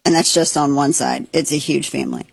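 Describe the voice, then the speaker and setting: A woman in her forties from Missouri hosting a casual talk show, telling stories in an animated, chatty way. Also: deep voice, fairly quick, creaky, husky, no echo. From Missouri, USA. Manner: animated storytelling with frequent laughs. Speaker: host. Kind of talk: casual chat.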